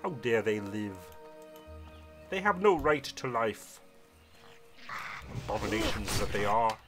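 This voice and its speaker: A man's voice: lowish voice, sing-song, slow pace, over music. A man doing a pompous zealous paladin. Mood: scornful. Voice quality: pompous, formal old-fashioned phrasing. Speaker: game player role-playing his character. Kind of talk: in-character role-play over gameplay.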